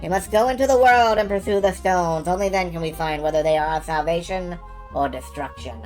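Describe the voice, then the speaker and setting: A woman's voice: fairly low pitch, brisk, darkish tone, soft background music, close to an everyday voice. A woman reading a grave old master with a solemn warning.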